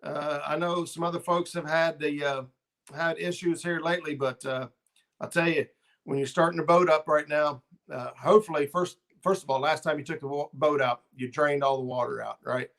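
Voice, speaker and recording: A man's voice: on the high side, steady tone, moderate pace, fairly bright tone. A middle-aged man hosting a fishing channel livestream, chatting casually and rambling with lots of ums and uhs as he reads viewer comments.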